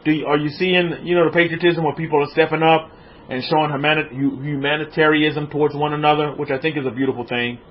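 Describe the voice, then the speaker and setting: A man's voice: a little high, flat delivery, fast talker, dull audio, slight background noise. An American man preaching casually to a livestream audience, reading out viewers' comments and repeating his words as he builds up his points. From United States. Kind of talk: informal sermon with chat shout-outs.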